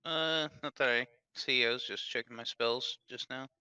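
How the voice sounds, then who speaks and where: A man's voice: medium pitch, moderate pace, bright, forceful tone, clean tone, dry recording. A man playing a tabletop game, talking through his moves in a laid-back way. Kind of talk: casual chat.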